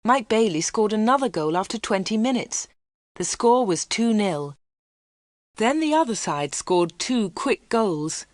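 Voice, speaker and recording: Woman narrator, storybook reading, clear and even, mid pitch, dry close sound. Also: unhurried, no room sound. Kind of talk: scripted storybook narration for learners.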